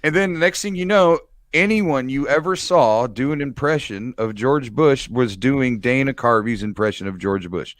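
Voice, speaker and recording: A man, a comedian hosting a podcast, talking in a relaxed, frank way and swearing casually. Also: mid-range voice, moderate pace, hardly any pauses, no room sound, clean studio sound.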